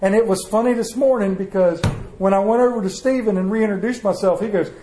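Folksy male pastor with a high voice, telling stories from the pulpit in an echoey church. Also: a little fast, few pauses, warm tone, a little hiss or hum. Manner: folksy storytelling, acts out voices. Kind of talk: sermon.

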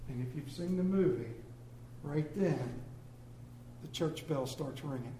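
A pastor who tells stories emotionally in a church sermon, swinging from hushed to booming. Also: male voice, animated, unhurried, slight background noise. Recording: roomy church echo.

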